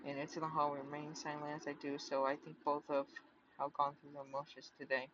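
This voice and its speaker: A man's voice: fairly high pitch, flat delivery, brisk, a bit bright, lo-fi sound. A man reading a visual novel aloud, often stumbling and restarting, with chatty asides.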